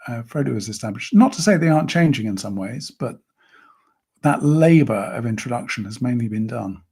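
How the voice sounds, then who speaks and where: Male host, mellow and slightly husky, unhurried and reflective. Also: medium pitch, animated. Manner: measured, thoughtful, reads out viewer comments. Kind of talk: live-stream discussion.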